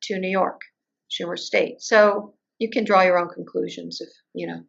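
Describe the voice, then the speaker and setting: An older woman answers as an interview guest with a gravelly texture in her voice. She tells her story and acts out the remarks of the people in it. The audio is muffled and lo-fi. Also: lowish voice, steady tone, normal speed, a bit bright. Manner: storytelling, acts out quoted exchanges.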